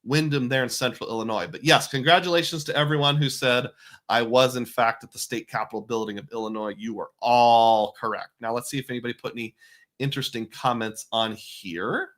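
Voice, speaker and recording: A man's voice: mid-range voice, steady tone, a little fast, fairly bright tone. A man hosting a casual livestream, reading viewer comments aloud and thanking donors with frequent chuckles. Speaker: livestream host. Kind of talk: casual live-stream chat.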